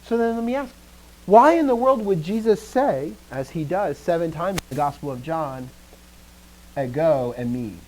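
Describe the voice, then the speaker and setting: A man's voice: fairly high pitch, moderate pace, a little hiss or hum, low-quality recording. Man teaching Greek to a class. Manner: lively, asks the class questions, often quiet and trailing off. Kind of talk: classroom lecture.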